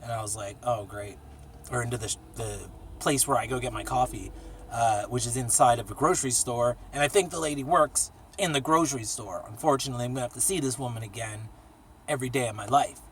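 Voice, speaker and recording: A man's voice: mid-range voice, a little fast, recorded from a distance, a little hiss or hum. A man telling casual, profane stories in a rambling vlog from a small cramped space. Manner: profane, laid-back storytelling with sung jingle. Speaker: vlogger.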